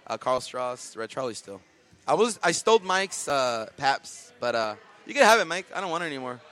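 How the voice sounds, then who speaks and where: A man's voice: mid-range voice, sing-song, normal speed, a bit bright. A man co-hosting a casual podcast, ranting profanely with lots of fillers and restarts. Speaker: podcast co-host. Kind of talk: casual comedic rant.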